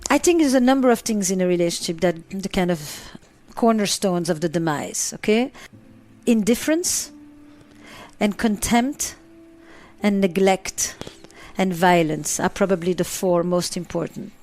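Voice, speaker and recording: A woman's voice: fairly low pitch, measured pace, a little mellow, faint music behind. A middle-aged woman psychotherapist answering interview questions, driving points home with repeated phrases and lists.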